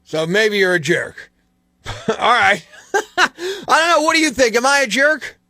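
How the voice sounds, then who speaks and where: A man with a very high-pitched voice talks a little slowly, recorded dry on a studio microphone in a radio studio. Hosting a morning radio show, he's an animated storyteller who jokes about the news in casual talk and laughs often.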